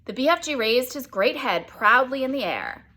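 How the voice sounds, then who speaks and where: A woman reading a children's book aloud, telling the story in a lively way and pointing out the pictures. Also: sits high, normal speed. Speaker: reader.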